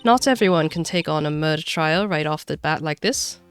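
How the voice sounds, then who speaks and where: A woman's voice: sits low, normal speed, faint music behind, lightly acted. A woman voicing a composed senior female attorney from a game, speaking in a poised, encouraging way.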